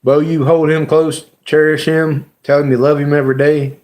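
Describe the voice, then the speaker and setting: A man hosting a live stream, talking casually to his chat in a halting, emotional way with lots of fillers. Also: a little high, flat delivery, darkish tone.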